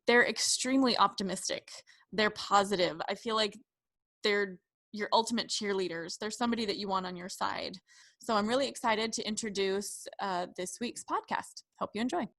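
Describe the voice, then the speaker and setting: A woman's voice: mid-range voice, normal speed, a bit bright. A woman hosting a podcast, introducing her guests with eager enthusiasm in a casual chat. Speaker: podcast host.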